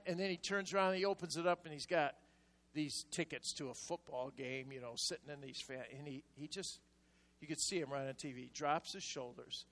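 An older man preaching a sermon, telling stories in a hushed voice and then rising into loud exhortation. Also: on the high side, a little fast. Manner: animated storytelling, swinging from hushed asides to loud exhortation. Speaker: pastor. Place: church sanctuary. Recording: long reverb of a large hall.

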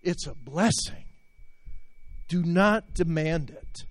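A man's voice: on the high side, takes it slowly, pauses often, no room sound. A man preaching as a pastor, telling a heartfelt story and praying, his voice breaking as he fights back tears. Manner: emotional storytelling, voice breaking, tearful. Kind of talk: sermon and prayer. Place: church service. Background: soft instrumental music.

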